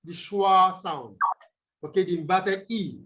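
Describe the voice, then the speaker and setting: High-pitched guy teaching english stress on a video call, slow, repeats words to show stress. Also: fairly bright tone, highs cut off. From Nigeria. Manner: asks questions then answers them himself. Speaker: English tutor. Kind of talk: online tutorial lesson.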